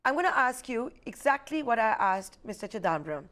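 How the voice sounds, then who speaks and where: A woman news anchor, asking brisk, probing questions and introducing a panel. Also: on the high side, very animated, a bit bright. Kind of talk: television news interview and panel hosting.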